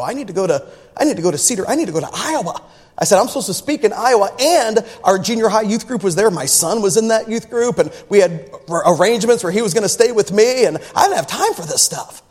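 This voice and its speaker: A man preaching, telling a story with laughter and swings from low grumbling to loud shouts. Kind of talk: sermon story. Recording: reverberant hall.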